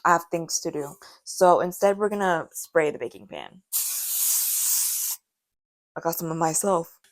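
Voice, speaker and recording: Hoarse teen girl baking on camera, kinda deep voice, rambles and roasts herself. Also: expressive, unhurried. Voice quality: deep-sounding voice. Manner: rambling, chatty, self-mocking. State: hoarse from karaoke. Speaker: vlogger. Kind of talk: casual baking vlog chat.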